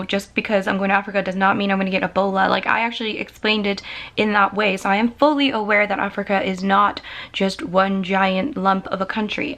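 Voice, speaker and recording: A woman's voice: medium pitch, a bit bright. A young woman from Canada ranting to camera in a vlog, exasperated and emphatic, firing rhetorical questions. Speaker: YouTuber.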